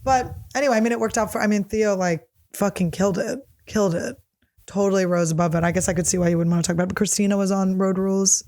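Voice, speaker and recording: A woman's voice: mid-range voice, steady tone, fast, warm tone. A woman in her thirties hosting a podcast, telling a comic story in a loose, rambling, profane way with lots of fillers. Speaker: podcast host. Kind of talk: casual comedic storytelling.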